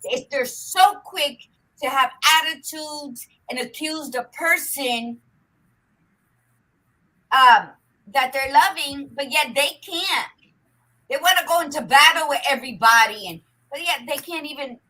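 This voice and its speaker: A woman's voice: high-pitched, sharp tone, poor audio. A woman co-hosting a casual talk show, speaking emphatically and preaching with frequent swearing. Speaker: podcast co-host. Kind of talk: casual chat.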